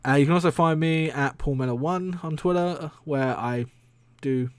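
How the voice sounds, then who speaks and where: A man talks on his own stream in a loose, rambling way, laughing often and swearing without a second thought. His voice sits a little high for a man. The sound is dry and close. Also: normal speed, smooth, no echo. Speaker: streamer and podcast host. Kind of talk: casual solo stream talk.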